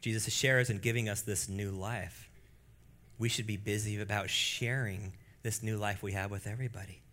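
A male pastor preaching a sermon to his congregation, moving between quiet, low passages and loud, high bursts. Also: moderate pace. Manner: animated preaching that swings from hushed to loud and high. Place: church.

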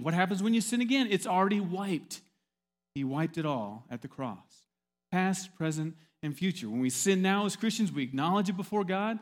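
Brief: male pastor delivering a sermon, emphatic, repeats key lines, slightly higher voice. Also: expressive, moderate pace. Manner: emphatic, repetitive, storytelling.

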